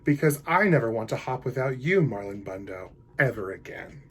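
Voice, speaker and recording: A man's voice: medium pitch, animated, moderate pace, fairly bright tone, a little hiss or hum. A man reading a storybook aloud, voicing a sweet, eager young boy bunny. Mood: tender.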